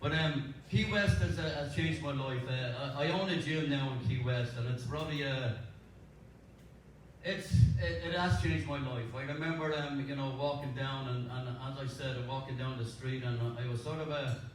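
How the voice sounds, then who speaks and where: A middle-aged man spins a personal tale for a live audience, loose and rambling, chuckling as he goes. His voice sits at an ordinary middle pitch and comes from some way off the mic. The room rings with heavy echo, and crowd murmur and hiss sit behind him. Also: steady tone, moderate pace. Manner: chatty and rambling, laughing through his words. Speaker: storyteller. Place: live stage before an audience. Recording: echoey venue, distant mic, audience noise.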